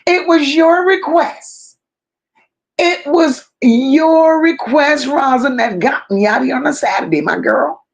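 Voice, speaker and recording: A woman hosting a casual livestream, greeting viewers one by one and reading their chat messages aloud. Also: high-pitched. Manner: warm drawn-out greetings, reads chat aloud. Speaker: livestream host.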